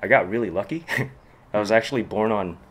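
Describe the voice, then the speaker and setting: A man's voice: fairly low pitch, brisk, fairly bright tone, highs cut off. A man from Southern California chatting casually and rambling a little while he sketches, laughing often. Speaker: guest artist.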